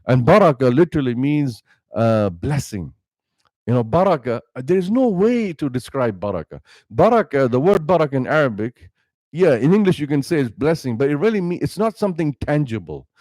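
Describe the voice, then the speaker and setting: A man's voice: mid-range voice, very animated, brisk, a little mellow, dry recording. A man, an imam, preaching an impassioned sermon into a microphone, full of rhetorical questions. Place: Islamic center prayer hall. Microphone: speaking into a microphone.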